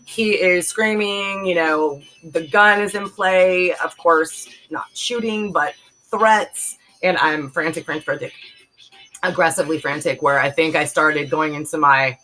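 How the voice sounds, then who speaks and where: A woman's voice: sits low, measured pace, bright, forceful tone, faint music behind, low-quality recording. A woman in her forties from the Bay Area, telling a personal story in a candid, rambling way full of fillers. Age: 40s. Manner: rambling, emphatic, many fillers. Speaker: vlogger telling a personal testimony.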